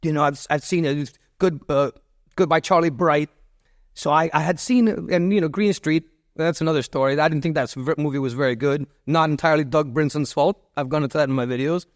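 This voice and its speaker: A man in his fifties rambles through long stories as a podcast guest. His voice sits fairly high, and it is recorded close and dry with no room sound. He circles back, repeats himself and restarts his sentences often. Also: fairly quick, no echo. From Miami, USA. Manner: loose, repetitive, with many restarts and fillers. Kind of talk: rambling interview storytelling.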